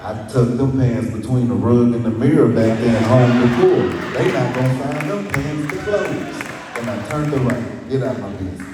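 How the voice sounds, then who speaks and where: A man's voice: mid-range voice, moderate pace, few pauses, background noise. Southern man telling stand-up story. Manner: drawling, animated storyteller acting out dialogue. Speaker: stand-up comedian. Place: live comedy venue with audience. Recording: echoey hall from far off, crowd laughing.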